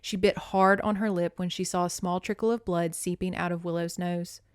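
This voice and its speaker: A woman hosting a podcast, reading a children's novel aloud and commenting in a casual, expressive way with swearing. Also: on the low side, moderate pace, clear, resonant tone, no room sound, studio quality. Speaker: podcast host.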